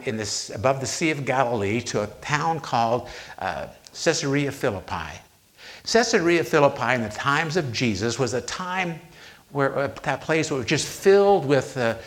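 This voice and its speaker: Lively, storytelling male preacher. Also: fairly high pitch. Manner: storytelling, voicing quotes with slow emphatic pauses. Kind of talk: sermon.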